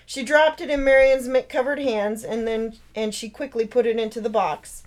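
A woman's voice: on the high side, steady tone, moderate pace, darkish tone, low-quality recording. Woman reading her novel aloud. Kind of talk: storytelling narration.

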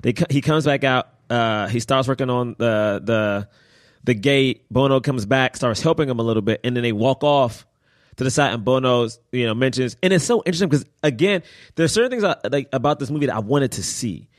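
A man co-hosting a podcast, talking casually about a film with friends and getting animated as he goes. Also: brisk, no room sound, clean studio sound. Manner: animated, jumps way up in pitch when excited. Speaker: podcast co-host.

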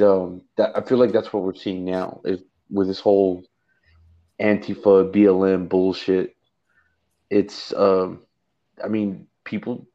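A man's voice: lowish voice, mellow. A man from Texas with a Texan accent, rambling and swearing through a casual political chat. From Houston, Texas. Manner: rambling, profane, filler-heavy. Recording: dull lo-fi recording.

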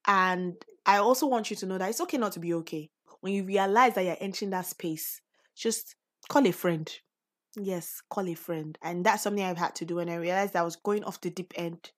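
A woman's voice: medium pitch, brisk. A woman with a Nigerian accent hosting a personal podcast, speaking earnestly and encouragingly with sudden emphatic bursts. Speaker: podcast host.

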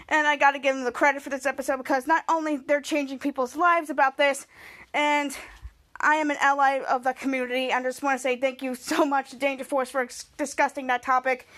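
A woman hosting a podcast, recapping a TV episode in a casual, excited way with many fillers and restarts. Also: sits high. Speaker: podcast host.

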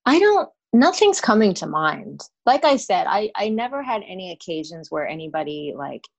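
An actress being interviewed, answering in an easygoing, thoughtful way. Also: female voice, on the low side, big pitch swings, normal speed, gravelly. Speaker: actress and guest.

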